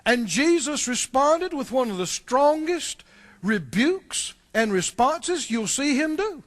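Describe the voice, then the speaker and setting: A man's voice: very high voice, big pitch swings, slow. A male pastor giving a sermon in a conversational way, often asking the congregation questions and repeating words as he restarts.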